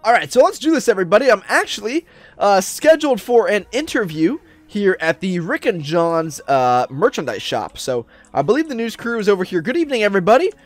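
Man, excited gameplay narration, chatty with fillers, bouncy pitch, faint music behind. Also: brisk, dry recording. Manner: upbeat, chatty, many fillers, talks to viewers and players. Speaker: Roblox roleplay YouTuber.

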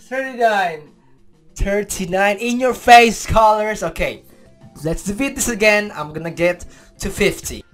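A man from the Philippines doing gameplay commentary, excitable, talking to himself and his viewers and calling out answers as he plays. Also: high voice, slow, pauses often, soft background music. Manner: excitable, talks to himself and the audience, counts answers aloud. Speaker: gaming YouTuber.

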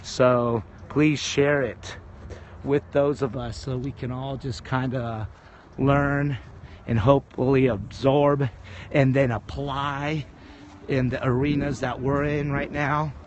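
A man's voice: mid-range voice, level tone, slow pace, a little hiss or hum. A man livestreaming from his phone while walking around a tennis ranch outdoors, chatting casually and rambling in an upbeat way. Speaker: livestream vlogger. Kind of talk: casual walk-and-talk livestream.

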